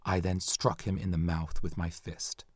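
A man's voice: low voice, normal speed, husky, dry recording, clean studio sound, voice pushed down. Man reading as a subdued 1800s axe murderer. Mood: grim. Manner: subdued, quiet, flat reading. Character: male convicted axe murderer confessing, 1800s. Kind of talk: reading a confession aloud.

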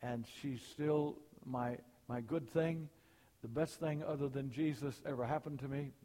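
An older man preaching a sermon, telling folksy personal stories and rising high and loud for punchlines. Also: fairly even intonation, measured pace, big-room sound.

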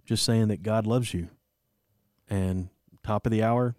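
A man with a very low, mellow voice rambles through a joke and a personal story, self-deprecating and full of fillers. It is casual faith chat, recorded close and dry. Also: fairly even intonation, a little slow, no room sound.

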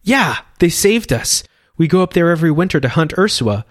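A bright, eager young boy castaway, raised a little higher and earnest in his telling, as a male storyteller puts him on. The sound is close and dry, with no room around it. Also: animated, racing, dry recording.

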